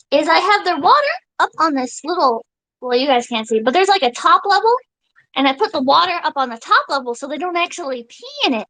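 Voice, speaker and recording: A young woman live streamer chatting casually with her viewers, excitable and giggly, swearing freely. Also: extremely high pitch, no room sound, low-quality recording.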